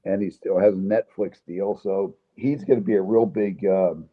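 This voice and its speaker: A male guest on a tinny phone line, his voice sitting low. He gives blunt, opinionated takes in a casual back-and-forth. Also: steady tone, moderate pace. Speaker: guest, fight promoter. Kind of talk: casual interview chat.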